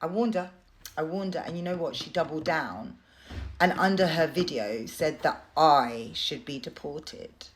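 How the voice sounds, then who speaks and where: A woman's voice: low-pitched, unhurried, a little hiss or hum. A woman telling a story-time vlog in a blunt, sarcastic way and swearing now and then. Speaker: content creator.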